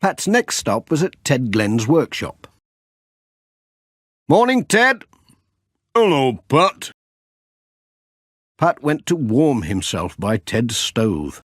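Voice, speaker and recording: A man's voice: mid-range voice, breathy edge, dry recording, studio quality. A man reading a children's storybook aloud as an audiobook. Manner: slow, expressive reading. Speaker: audiobook reader.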